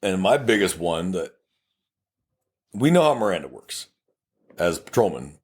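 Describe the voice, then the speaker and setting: With a low-pitched, slightly rough voice and an unhurried pace, a male police investigator shares stories from his work on a casual podcast he co-hosts. He's blunt and direct, animatedly acting out the dialogue and cursing from time to time.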